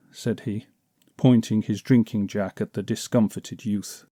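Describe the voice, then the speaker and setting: Man, audiobook narrator, measured storytelling, mellow warm voice, dry close recording. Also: fairly low pitch, steady tone, no room sound.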